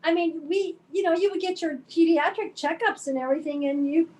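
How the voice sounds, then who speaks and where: A woman's voice: very high-pitched, a little fast, a little mellow. A middle-aged woman, a mother, chatting casually with her family and recalling her sons' childhood. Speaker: mother of grown sons.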